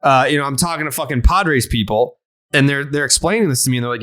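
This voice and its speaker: A man hosting a sports podcast, ranting in a profane, animated way in casual chat. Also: medium pitch, fast talker. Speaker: podcast host.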